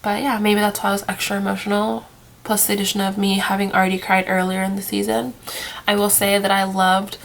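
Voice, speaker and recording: Young female vlogger, cried-out and sleepless, talks in a rambling way with a creaky edge, middle pitch. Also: little pitch movement, fairly quick, a little hiss or hum. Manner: tearful, rambling, trails into whispers. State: worn out from crying, sleep-deprived. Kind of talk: casual emotional vlog.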